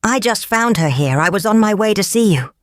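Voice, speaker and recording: A woman's voice: medium pitch, expressive, fairly quick, no echo, clean studio sound, pitched above the performer's own voice, lightly acted. A woman voicing an earnest young male nobleman in a storybook, with a slightly raised voice. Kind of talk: storybook character voice.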